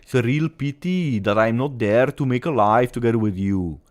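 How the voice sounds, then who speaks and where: A man's voice: medium pitch, expressive, normal speed, close to an everyday voice. A man voicing a mock Scottish man who grumbles and swears, in an exaggerated, raised put-on Scottish accent. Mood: mock-lamenting.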